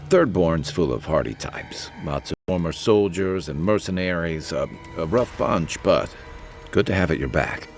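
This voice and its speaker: An actor voicing a gruff, plain-spoken man in a video game. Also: sits low, animated, unhurried, soft background music. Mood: blunt.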